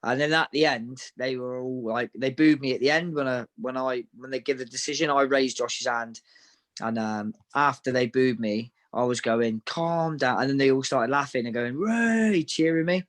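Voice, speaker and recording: A man recounts his fights in a relaxed, frank interview. His voice sits at an ordinary middle pitch. He talks matter-of-factly and in anecdotes. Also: normal speed. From Devon, England. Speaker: professional boxer, interview guest. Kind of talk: casual interview storytelling.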